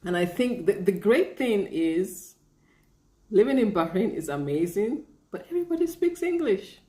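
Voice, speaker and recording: A woman chatting casually on a live stream, reading viewer comments, laughing often and trying out halting Arabic phrases. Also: medium pitch, very animated, warm tone, roomy sound. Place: lives in Bahrain.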